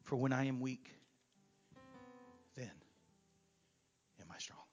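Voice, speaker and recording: A middle-aged man preaching a Pentecostal sermon in a church, his volume surging and sinking as he builds to near-shouts. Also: medium pitch, takes it slowly, muffled recording, soft background music. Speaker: pastor. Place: church sanctuary.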